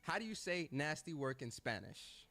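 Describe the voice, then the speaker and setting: Ranting video man: high, very lively voice, emphatic and repetitive, joking as he complains. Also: normal speed, faint music behind. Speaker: video creator ranting about games. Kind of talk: animated rant commentary.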